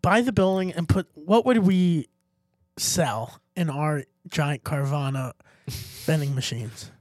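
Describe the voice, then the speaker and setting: A man's voice: a little high, slow, no echo, clean studio sound. A man co-hosting a podcast, joking and laughing through casual comedic banter. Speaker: podcast co-host.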